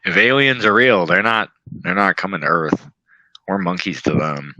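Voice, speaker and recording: A young man talking casually as a podcast guest, laughing often and acting out his own reactions with quick voices. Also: low-pitched, expressive, pushed and bright, no room sound, muffled recording. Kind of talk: casual chat.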